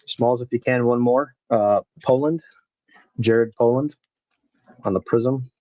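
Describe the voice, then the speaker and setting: A man's voice: medium pitch, slow, a little mellow, no room sound, dull audio. A man hosting a live baseball card break, rambling casually and talking to viewers by name as he opens packs. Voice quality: gravelly, husky. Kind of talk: casual live-stream chat while opening packs.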